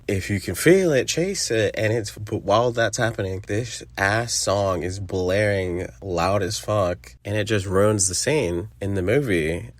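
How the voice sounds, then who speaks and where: A young man with a low voice tears into a film in a casual, profanity-heavy podcast review. He laughs often and mocks characters with quick impressions. The sound is dry and close to the mic. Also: no room sound. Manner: blunt, swears a lot, laughs often, mocking impressions. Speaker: podcast host reviewing a movie.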